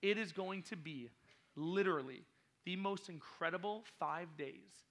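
A man speaking as a youth pastor to a group of kids, energetic and teasing, quizzing the audience with playful questions. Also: high voice, a little slow. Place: church hall.

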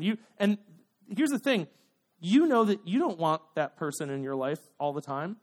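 A young man preaches to a youth group with a high voice. He talks loosely, with plenty of fillers and "okay?" checks, and acts out little voices for his examples. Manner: chatty, full of fillers and "okay?" asides. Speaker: youth pastor. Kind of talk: sermon.

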